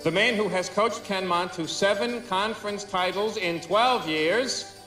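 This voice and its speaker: A man's voice: high voice, measured pace, sharp tone, faint music behind. An actor playing a formal male announcer introducing a guest of honor in oratorical style. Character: formal male master of ceremonies. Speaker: announcer at a ceremony. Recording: echoey hall.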